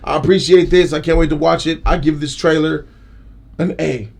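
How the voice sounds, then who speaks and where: Casting: young male host, lively and jokey, slightly high voice, faint noise behind. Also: normal speed, creaky. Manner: animated, joking, laughs often. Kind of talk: casual trailer reaction chat.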